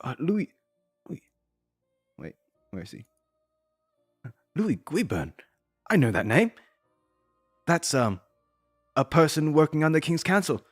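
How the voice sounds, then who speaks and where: A man's voice: on the high side, big pitch swings, slow, long pauses, no room sound, clean studio sound, soft background music, pitched above the performer's own voice, heavily acted. A man voicing a jittery young hero who stammers when he gets flustered. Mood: puzzled.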